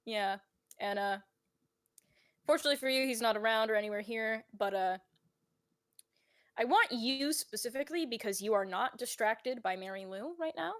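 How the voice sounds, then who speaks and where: A woman's voice: fairly high pitch, expressive, moderate pace, pauses often, fairly bright tone, no room sound, studio quality. A woman narrating a tabletop role-playing game as game master. She talks casually, swears, and fills her lines with "like" and "you know". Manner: casual and swearing, with lots of fillers.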